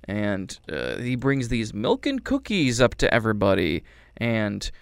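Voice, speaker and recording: A man giving a casual, rambling film review with a wry tone, dropping into quick character voices. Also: fairly low pitch, huge pitch swings, vocal fry, smooth, dry recording.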